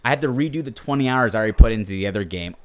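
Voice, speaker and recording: A man's voice: on the low side, animated, racing. A young man chatting on a podcast in an eager, talkative way. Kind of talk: casual podcast chat.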